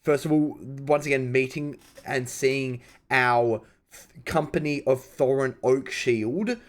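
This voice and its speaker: A young man reacting to films in casual commentary, excitable, swearing and laughing. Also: a little high. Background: film music playing.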